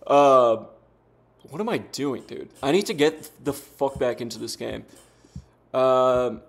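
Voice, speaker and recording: A man's voice: medium pitch, slow pace, creaky. A young man commentating his own game, frustrated, rambling and swearing with lots of fillers. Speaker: gaming streamer. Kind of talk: casual commentary while playing.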